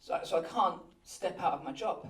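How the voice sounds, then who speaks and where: A pastor preaches with earnest animation, voicing the worried thoughts of his listeners. His voice sits high for a man. It rings through a roomy church hall, picked up from some distance. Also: moderate pace, a bit bright. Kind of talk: sermon.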